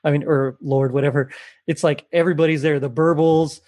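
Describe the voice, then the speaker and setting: A man's voice: fairly high pitch, steady tone, a little fast, warm tone. A man in a casual podcast chat, rambling with many fillers and restarts.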